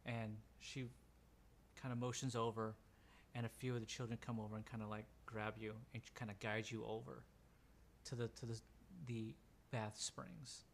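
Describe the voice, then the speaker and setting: A man narrating a tabletop game as game master, halting and restarting often. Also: lowish voice, flat delivery, gravelly, a little hiss or hum.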